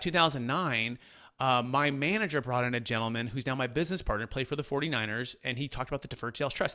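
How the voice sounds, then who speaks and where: Man, thirties, from Northern California, real estate broker, energetic storytelling, bright tone, somewhat high pitch. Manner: energetic, repeats words when restarting. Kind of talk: conversational storytelling.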